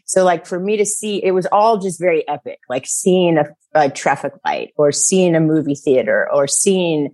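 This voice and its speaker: A woman guest on a talk show, telling stories in a rambling, animated way, full of fillers and laughter. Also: deep voice, normal speed, few pauses. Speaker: psychic guest. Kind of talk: casual chat.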